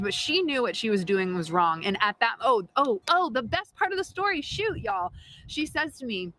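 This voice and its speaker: A woman's voice: a little high, a bit bright, a little hiss or hum. A woman hosting a tarot show, telling a personal story in a chatty, casual way, with frequent laughs and casual swearing. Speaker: tarot reader and host.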